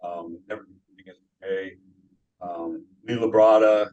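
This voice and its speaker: Modest male interview guest, low voice, lo-fi recording; reflective and halting. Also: fairly even intonation, a little mellow. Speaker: guest, former pro bodybuilder. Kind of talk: casual interview chat.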